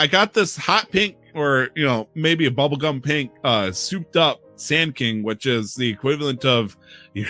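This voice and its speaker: Bright-voiced man telling rambling stories. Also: medium pitch. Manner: rambling, profane storytelling with laughs. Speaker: podcast co-host. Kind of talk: casual chat.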